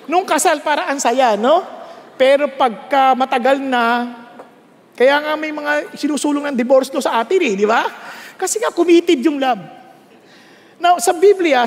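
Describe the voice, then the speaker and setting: A Filipino-accented pastor preaches with lively energy and a high-pitched voice. He switches between Tagalog and English and calls on his congregation to answer back. His voice rings with the long reverb of a church hall. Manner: animated preaching, mixing Tagalog and English, asks the congregation to repeat. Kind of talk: sermon.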